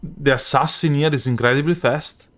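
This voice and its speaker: A man's voice: medium pitch, moderate pace, fairly bright tone. A young Italian man with a strong Italian accent, chatting loosely while he plays a live game and answers his chat, often restarting his sentences. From Italy. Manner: rambling, self-correcting, chatty with chat. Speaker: streamer. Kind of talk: live gameplay commentary.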